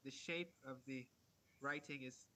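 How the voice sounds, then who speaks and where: A man giving an online art lecture over a video call, halting with many fillers and restarts. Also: medium pitch, fairly even intonation, pushed and bright, rough recording. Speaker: guest lecturer on African art.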